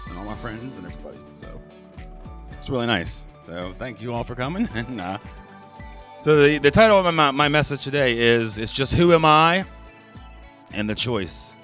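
A man preaching a sermon to his church congregation in a conversational way, often checking in with "right?" and using fillers. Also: mid-range voice. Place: church sanctuary.

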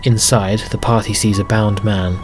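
A man narrating a solo tabletop game as game master, with steady, even storytelling. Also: lowish voice, normal speed. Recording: music bed under narration.

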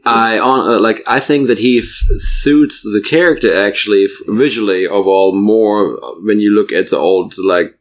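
A man's voice: on the low side, normal speed, few pauses. A man from Germany with a German accent, hosting a casual podcast chat and telling rambling stories in a stop-start way. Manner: rambling, stop-start storytelling with frequent laughs. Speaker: podcast host.

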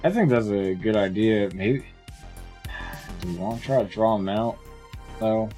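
A man's voice: lowish voice, expressive, unhurried, warm tone, soft background music. A man playing a tabletop game who stammers and repeats his words. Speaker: player.

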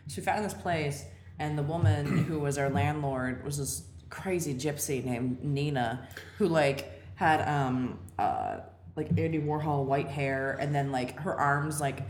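A young woman telling a funny story on a podcast, animated and laughing, with lots of fillers. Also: low-pitched, a little slow, a little hiss or hum. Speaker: podcast guest. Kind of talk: casual storytelling chat. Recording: echoey room.

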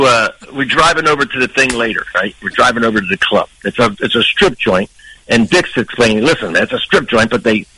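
A man's voice: medium pitch, poor audio. An older man, a comedian guest on a podcast, telling a long anecdote and acting out the people in it. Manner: animated, acts out people in his anecdotes. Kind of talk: storytelling on a podcast.

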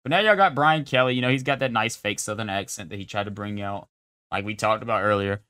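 A young man co-hosting a sports podcast, talking fast and opinionated in a casual chat. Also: lowish voice, bright, forceful tone, clean tone, dry recording, clean studio sound. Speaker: podcast co-host.

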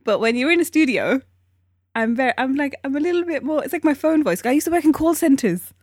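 A woman from Newcastle co-hosting a podcast, with teasing banter and quick comebacks. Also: high voice, expressive, dry recording, studio quality. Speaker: podcast co-host. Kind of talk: casual chat.

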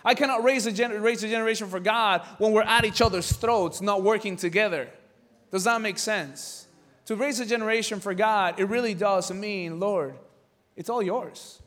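A man preaching a sermon with animated delivery, jumping from shouted lines to quiet asides. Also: high-pitched, normal speed. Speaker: pastor. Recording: reverberant hall from a distance.

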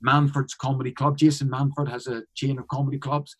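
A man's voice: medium pitch, level tone, fairly quick, poor audio. A man, a comedian, telling a story in a casual interview, rambling with frequent restarts and fillers. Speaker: guest, comedian.

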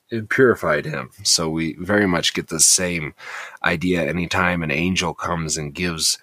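Co-host: deep man, dry close sound, talks through scripture at length. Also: no echo. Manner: explains passages at length, animated paraphrase. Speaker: podcast co-host. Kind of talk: casual Bible study discussion.

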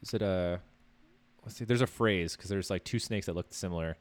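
A man's voice: sits low, brisk. A man co-hosting a podcast in casual chat, laid-back and rambling, laughing often. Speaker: podcast co-host.

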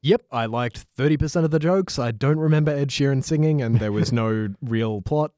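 A man's voice: medium pitch, a little fast, warm tone, no room sound, studio quality. A man speaking bluntly and matter-of-factly as a guest on a casual podcast.

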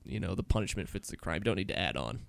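A man's voice: deep voice, sing-song, fast talker, creaky, a bit bright, dry recording. A man co-hosting a casual podcast, joking and laughing as he tells odd news stories, sometimes putting on voices for the people in them. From New England. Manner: jokey, laughing, puts on voices for quotes. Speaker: podcast co-host. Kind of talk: casual chat.

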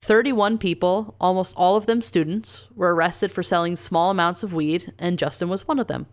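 A woman co-hosting a podcast casually tells a true crime story, reading quotes aloud and saying "like" often. Her voice is on the low side at normal speed.

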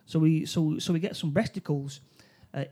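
A man recapping a film plot in casual chat, halting, with many restarts and fillers. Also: fairly high pitch, warm tone, husky. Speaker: film review co-host.

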